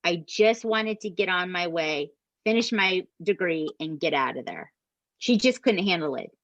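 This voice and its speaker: A woman, co-hosting a podcast and retelling a true crime story in an animated, casual way that includes swearing. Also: lowish voice, normal speed, no room sound, highs cut off. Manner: animated, swears, addresses listeners as "you guys". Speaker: podcast co-host.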